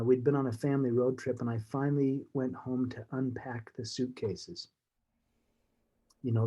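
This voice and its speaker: A man as an interview guest, telling a personal story in a halting, heartfelt way with fillers and restarts. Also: mid-range voice, warm tone, breathy edge.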